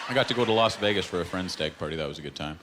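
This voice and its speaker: A Canadian man performing a stand-up comedy set on a club stage, deadpan punchlines broken by sudden put-on voices. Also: sits low, very fast, noisy background. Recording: live stage with loud audience laughter.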